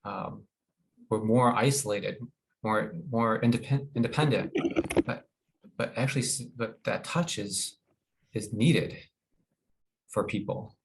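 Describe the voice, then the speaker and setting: A man presenting a wellness webinar in an informal, halting way, with many fillers and restarts. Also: lowish voice, vocal fry, low-quality recording. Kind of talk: informal educational talk.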